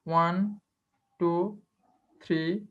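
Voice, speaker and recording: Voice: mid-range voice, fairly even intonation, drawn-out words. Teacher, lo-fi. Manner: repeats phrases while explaining step by step. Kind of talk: online lecture. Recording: dull lo-fi online class recording.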